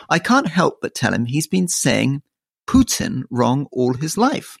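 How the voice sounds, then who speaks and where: A man's voice: medium pitch, big pitch swings, measured pace, creaky, slightly rough, no echo, clean studio sound. A man co-hosting a political podcast, reading listener messages and chatting playfully, often repeating his words as he gets going. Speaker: podcast co-host. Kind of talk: casual political chat.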